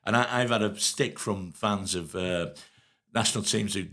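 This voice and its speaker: A man co-hosts a relaxed podcast in the spirit of a chat in a pub. His voice sits fairly low, and he rambles through stories, stumbling over false starts and breaking into laughter. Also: normal speed. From North West England. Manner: chatty, laughs often, many restarts. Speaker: podcast co-host.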